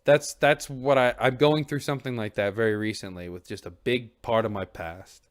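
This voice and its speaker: A young man thinks out loud on his own stream. His talk rambles, circles back with restarts, and is sprinkled with casual swearing. He sounds candid and earnest, as if confiding in whoever is listening. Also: medium pitch, moderate pace. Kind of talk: reflective solo stream chat.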